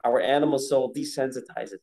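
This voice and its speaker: Relaxed man teaching a class. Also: mid-range voice. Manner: relaxed, conversational teaching, chants Hebrew verses slowly. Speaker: rabbi teaching a prayer-book class. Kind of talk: Torah class lecture.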